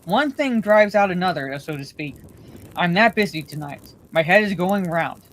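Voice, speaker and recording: A woman voicing a fat, bustling middle-aged male innkeeper who talks on and on, hurried and forgetful, in a storybook reading. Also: on the low side, lively intonation. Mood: flustered.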